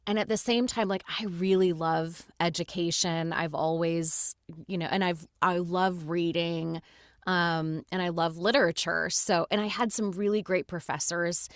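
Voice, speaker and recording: Low-voiced Midwestern woman telling her story. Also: fairly even intonation, unhurried, no echo, clean studio sound. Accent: Midwestern American. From Michigan, USA. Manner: chatty, storytelling with quoted asides. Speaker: guest voice actor. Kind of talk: casual interview chat.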